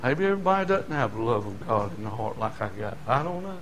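A middle-aged man, preaching a folksy testimony sermon that swings from quiet asides to shouting. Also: medium pitch, sing-song, quick pace, a little hiss or hum.

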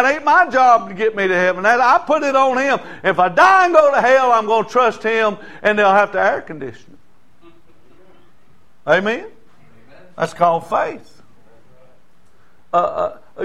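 A middle-aged man preaching a sermon, folksy and storytelling, rising now and then into shouting. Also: high-pitched, expressive, measured pace. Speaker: pastor.

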